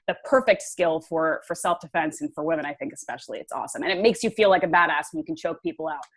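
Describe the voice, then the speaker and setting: Lower-pitched woman in her thirties. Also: quick pace, husky. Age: 30s. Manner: enthusiastic, talks in loose run-on phrases. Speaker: podcast guest, fitness writer. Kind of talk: casual interview chat.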